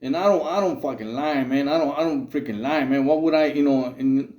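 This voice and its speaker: A man's voice: medium pitch, fairly quick, a little mellow. Streetwise man rambling in echoey room. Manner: rambling, loose and streetwise, many fillers and "man". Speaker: channel host. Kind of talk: casual monologue to camera.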